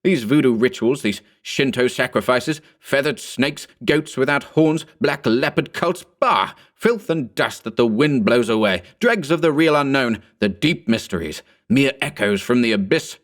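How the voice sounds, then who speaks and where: Ageless male sorcerer, high archaic cackle, contemptuous raver, done by a male narrator. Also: lively intonation, a little slow, few pauses, natural voice. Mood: raving scornful. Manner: ranting, contemptuous.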